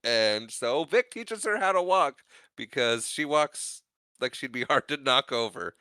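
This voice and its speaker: Bright, smooth-voiced man recapping a film. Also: mid-range voice, animated, dry recording. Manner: chatty, laughs often, does quick character voices while retelling scenes. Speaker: podcast co-host. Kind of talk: casual movie recap chat.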